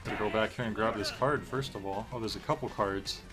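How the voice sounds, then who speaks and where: Speaking fairly quickly in a low voice, a streamer offers laid-back, wandering commentary on the game he's playing, heavy on filler words. Game music sits in the background.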